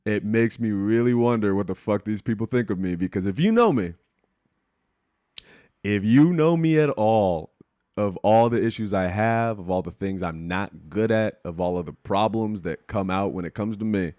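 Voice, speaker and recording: A man's voice: on the low side, moderate pace, no echo. Rambling, profane young man, dry close mic. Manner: rambling, profane, self-deprecating, animated quoting of others. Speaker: podcast host. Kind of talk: casual storytelling monologue.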